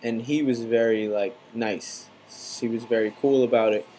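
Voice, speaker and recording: A young man from the United States recounts a personal story to his camera at an everyday, mid-range pitch. His delivery is loose and rambling and full of fillers, like a casual vlog chat. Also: normal speed, slight background noise. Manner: relaxed, rambling retelling with many fillers. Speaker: vlogger.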